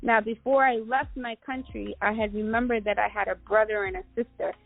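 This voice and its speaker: A woman's voice: on the high side, fairly even intonation, a little fast, creaky, no room sound. Middle-aged woman from Guatemala, interview guest, rambling story full of fillers, recorded over a tinny line with faint music behind. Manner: rambling, many fillers and restarts. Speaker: guest entrepreneur.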